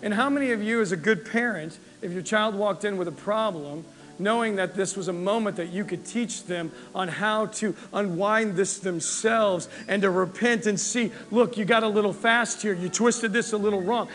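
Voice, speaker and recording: A man in his forties preaching a sermon, animated and asking the crowd questions, acting out prayers in different voices. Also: sits high. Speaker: pastor. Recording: echoey hall with faint music.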